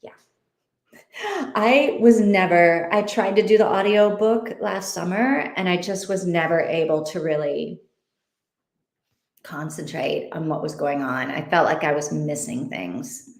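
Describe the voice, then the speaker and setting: A woman's voice: fairly low pitch, unhurried, creaky, reverberant. A woman hosting an online reading group, chatting casually and thinking aloud with many fillers. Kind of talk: casual livestream chat.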